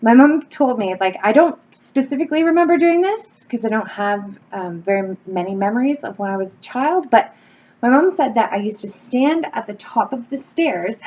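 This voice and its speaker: A woman, chatting candidly to camera from home as a YouTuber, telling stories with lively energy and casual swearing. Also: a little high, normal speed. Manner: candid, animated storytelling with swearing and laughs. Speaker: wax-melt YouTuber and blogger. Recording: slightly dull home recording with faint background noise.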